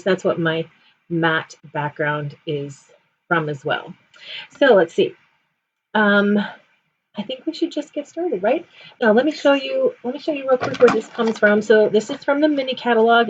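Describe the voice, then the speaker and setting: A woman's voice: mid-range voice, darkish tone, dull audio, slight background noise. Chatty woman demonstrating card making. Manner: chatty, rambling, self-correcting. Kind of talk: live craft tutorial.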